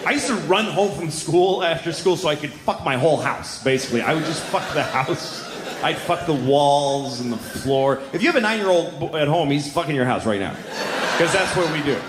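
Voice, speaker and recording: A man performing a stand-up comedy set on a club stage, telling crude, confessional stories in a handheld stage mic. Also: a little fast. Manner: crude, confessional storytelling with lively pitch swings. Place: comedy club stage before a live audience. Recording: echoey live room with clear ambient noise.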